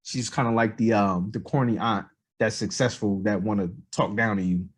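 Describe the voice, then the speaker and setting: Brief: husky man with a lowish voice, podcast co-host, loose and animated. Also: moderate pace. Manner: rambling, animated, lots of fillers. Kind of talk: casual political chat.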